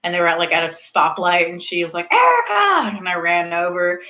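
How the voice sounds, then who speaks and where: A woman in her thirties hosts a relaxed chat with her viewers, a little tipsy and prone to rambling tangents. Her voice sits fairly low but sounds bright and forceful. The audio is dull and lo-fi. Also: brisk. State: slightly tipsy. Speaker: streamer hosting a snack review.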